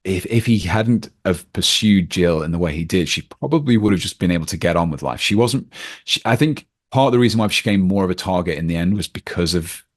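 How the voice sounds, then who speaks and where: A man's voice: sits low, lively intonation, brisk. A man talking casually about a film as a podcast guest, with lots of fillers and restarts. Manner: rambling, many fillers and restarts.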